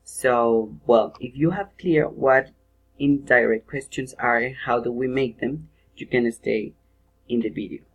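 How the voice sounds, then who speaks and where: Young male teacher, video lesson, patient step-by-step explainer, mid pitch. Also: a little slow, rough recording. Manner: explains step by step, often checks with "okay?", self-corrects. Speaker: English pronunciation teacher.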